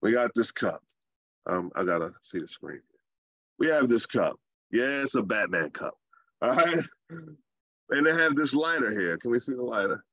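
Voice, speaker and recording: A man preaching a sermon in a lively, conversational way, with playful asides. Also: medium pitch, moderate pace, pauses often, dry recording, muffled recording.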